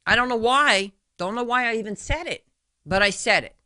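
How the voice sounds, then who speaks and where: Bright-voiced woman talk show host. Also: fairly high pitch, animated, moderate pace, no echo. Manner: chatty storyteller who retells conversations. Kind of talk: solo radio talk show monologue.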